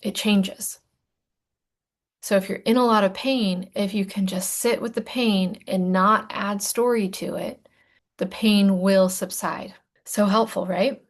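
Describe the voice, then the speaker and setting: A woman coaching through a recorded lesson on emotions, talking in a playful, self-mocking way and now and then dropping to a soft whisper for emphasis. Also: medium pitch, steady tone, takes it slowly.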